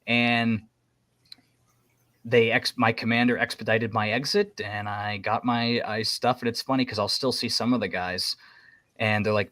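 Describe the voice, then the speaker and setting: A man, a military veteran, chatting casually on a podcast and telling rambling, animated stories. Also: fairly low pitch, a little slow, no room sound.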